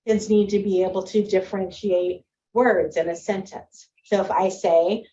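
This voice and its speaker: A woman's voice: mid-range voice, fairly even intonation, moderate pace, dark tone, highs cut off. A woman teacher giving a presentation to parents on early reading, explaining with friendly spoken examples.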